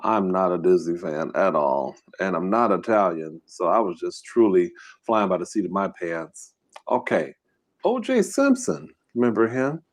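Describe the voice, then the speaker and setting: A mukbang host runs a live-stream trivia game, reading the questions aloud and casually bantering with his chat. His voice sits low and sounds animated, moving at a moderate pace.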